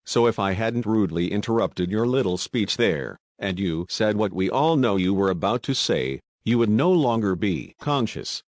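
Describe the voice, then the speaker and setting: A man voicing a calm, menacing army sergeant who speaks with quiet, controlled threat in an audiobook. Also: lowish voice, normal speed, few pauses, no room sound, lightly acted.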